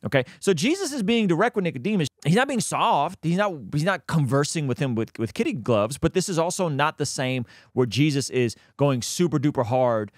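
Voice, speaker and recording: A man hosting a Christian reaction commentary, animated and quick to laugh, explaining and reading Bible passages into a close mic. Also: fairly high pitch, no room sound. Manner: animated, bursts into laughter, reads scripture aloud.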